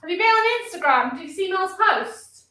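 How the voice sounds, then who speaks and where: A woman's voice: extremely high pitch, expressive, normal speed, sharp tone, low-quality recording. A woman chatting on a video call to a live stream, bubbly, with lots of "like" fillers. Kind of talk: casual chat.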